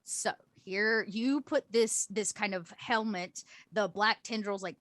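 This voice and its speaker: A woman's voice: mid-range voice, takes it slowly, a bit bright, no room sound. A woman running a tabletop game as game master, explaining rules and scenes casually with lots of fillers.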